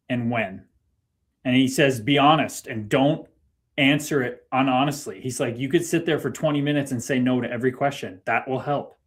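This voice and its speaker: A man hosting a casual livestream, chatting in a relaxed way and reading out viewer comments. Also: medium pitch, normal speed. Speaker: stream host.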